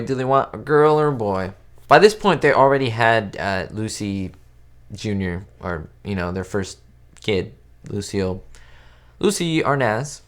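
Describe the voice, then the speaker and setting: Chatty man answering live chat. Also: on the low side. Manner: chatty, rambling, many fillers and restarts. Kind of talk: casual live-stream chat. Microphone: webcam setup at home.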